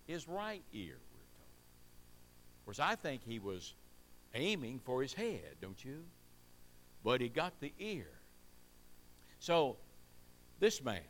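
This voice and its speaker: A man's voice: fairly high pitch, a bit bright. A man preaching a sermon, repeating key phrases for emphasis and asking the congregation rhetorical questions.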